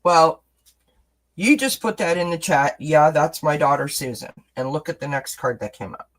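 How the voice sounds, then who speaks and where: A tarot card reader hosts a casual live-streamed reading. The delivery is chatty and encouraging, warm toward the audience, with self-deprecating asides slipped in between the cards. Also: mid-range voice, animated, moderate pace, low-quality recording. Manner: chatty, encouraging, responds to chat comments.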